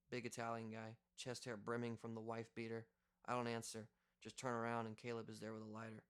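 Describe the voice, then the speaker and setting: A man's voice: mid-range voice, level tone, fairly quick. A young man reading a first-person audiobook in a casual, conversational way. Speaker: audiobook reader.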